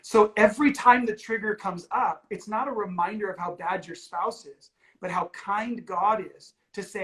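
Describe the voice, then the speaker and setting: A man's voice: high-pitched, moderate pace, fairly bright tone, poor audio. Earnest man in casual ministry talk. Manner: earnest, emphatic, with frequent "like" and "you know". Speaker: ministry leader. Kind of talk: candid conversational talk.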